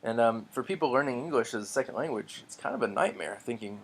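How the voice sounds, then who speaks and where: A man teaching a relaxed lesson on Greek pronunciation, patient and slow, with frequent ums and restarts. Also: medium pitch.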